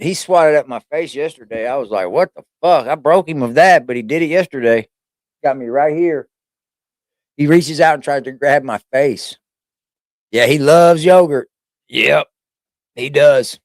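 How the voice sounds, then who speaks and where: A male streamer hosts a casual live stream, chatting loosely and swearing plenty while talking to his pet. His voice is medium in pitch, with clean studio sound and no room sound.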